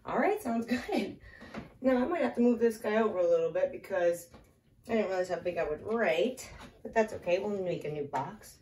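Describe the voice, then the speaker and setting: While teaching math informally at a whiteboard, a woman narrates every step and stops to chat with the small child in her arms. Slightly out of breath, she speaks at normal speed in a medium-pitched voice. The room echoes, she's some distance from the mic, and a little hiss or hum can be heard.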